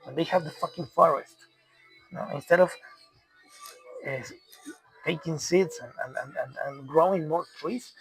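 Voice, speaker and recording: Gravelly, exasperated man. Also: on the high side, rough recording. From Mexico. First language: Spanish. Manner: profane, exasperated, rambling with restarts. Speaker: commentator. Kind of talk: unscripted rant.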